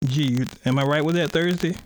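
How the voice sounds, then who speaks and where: A man's voice: fairly high pitch, fairly quick, dry recording, low-quality recording. A man hosting a podcast in casual chat, rambling and cursing, often laughing as he retells things. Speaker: podcast host.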